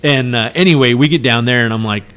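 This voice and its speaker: A middle-aged man telling a story in a casual chat, animated and acting out the shouted lines. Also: mid-range voice, fast, smooth. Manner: animated, acts out yelled quotes.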